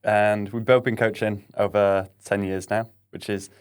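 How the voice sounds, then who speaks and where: A northern English man in his thirties chats as a guest on a podcast. He speaks frankly and in an easygoing way. His voice sits a bit low. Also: little pitch movement, measured pace, clean tone. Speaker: podcast guest, fitness coach. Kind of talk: casual podcast chat.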